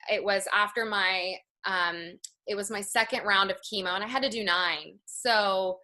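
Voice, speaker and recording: A woman in her thirties telling her personal story in an interview, earnest and reflective, often slow and emotional. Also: medium pitch, pushed and bright. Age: 30s. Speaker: interview guest.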